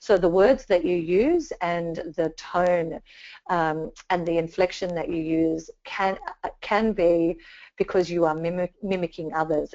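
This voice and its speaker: Trainer woman with a lowish voice. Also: creaky, darkish tone. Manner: conversational with frequent fillers and restarts. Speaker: communication trainer. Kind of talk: webinar presentation. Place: home or office, remote webinar. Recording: dull lo-fi webinar audio.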